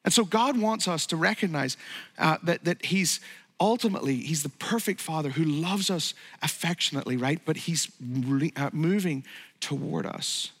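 A man's voice: on the high side, moderate pace, fairly bright tone, slightly rough. A middle-aged man preaching a sermon as pastor, emphatic and building to raised peaks. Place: church sanctuary. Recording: long hall reverb.

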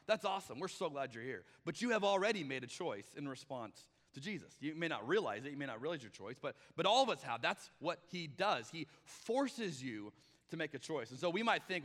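A man's voice: on the high side, very animated, fairly quick, fairly bright tone, in a large hall. A man preaching a conversational sermon as pastor, often acting out the voices he quotes.

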